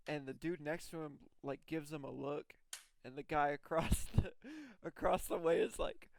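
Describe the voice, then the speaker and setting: A man's voice: a little high, fairly even intonation, a little slow, vocal fry, no room sound. A young man co-hosting a podcast, telling stories in casual chat with lots of fillers. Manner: rambling, filler-heavy storytelling. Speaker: podcast co-host.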